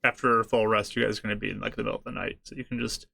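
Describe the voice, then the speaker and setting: A man narrating as game master of a tabletop game, in a relaxed, easygoing way. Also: lowish voice, very fast, gravelly, a little hiss or hum.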